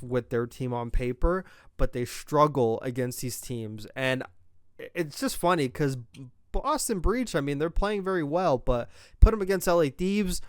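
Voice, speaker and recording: Rambling young man with a smooth, clear voice. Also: medium pitch, no echo, studio quality. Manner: rambling, opinionated, self-interrupting. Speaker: podcast host. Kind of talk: casual solo esports commentary.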